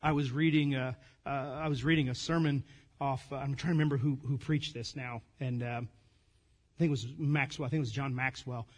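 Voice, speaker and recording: A man preaching a casual, conversational sermon, calling the congregation "gang" and swinging between loud emphasis and quiet asides. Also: medium pitch, steady tone, fairly quick. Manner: folksy, calls the congregation "gang", asides to the room. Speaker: pastor.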